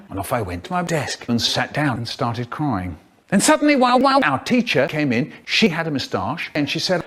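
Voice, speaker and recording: A man telling a rambling, crude comic story about a school day, with sudden leaps in pitch and loudness. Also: huge pitch swings, moderate pace.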